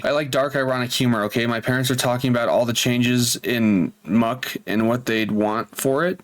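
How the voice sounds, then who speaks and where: A man reading online posts aloud and chatting his reactions between them, with quick asides. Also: medium pitch, fairly bright tone. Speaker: reddit story reader and reactor.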